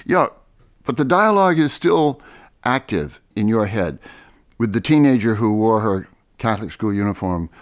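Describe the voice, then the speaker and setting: A man hosting a literary interview, asking lively, articulate questions. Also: lowish voice, normal speed. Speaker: interviewer, host.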